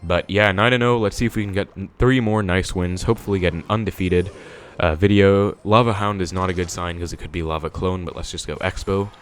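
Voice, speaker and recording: Deep-voiced man commentating his gameplay. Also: brisk, few pauses, slight background noise. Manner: relaxed, thinking aloud with many fillers. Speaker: gaming video creator.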